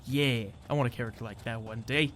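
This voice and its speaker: A man's voice: medium pitch, fairly even intonation, brisk, fairly bright tone, slight background noise. A man giving casual let's-play commentary, rambling and joking about himself. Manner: rambling, self-deprecating, jokey. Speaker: gameplay commentator. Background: game music.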